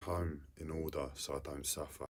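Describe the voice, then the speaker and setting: A distressed man in an unscripted personal vlog, talking in halting, repetitive bursts with a whiny edge. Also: very deep voice, little pitch movement. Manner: repetitive, halting, self-interrupting. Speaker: livestreamer.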